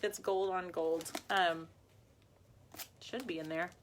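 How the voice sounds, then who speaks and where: A woman hosts a live craft and ribbon shop video, chatting with viewers like friends, bubbly, talkative and often laughing as she reacts to comments as they arrive. Her voice is fairly low-pitched with fairly even intonation and a slow pace. There's a little hiss or hum in the audio.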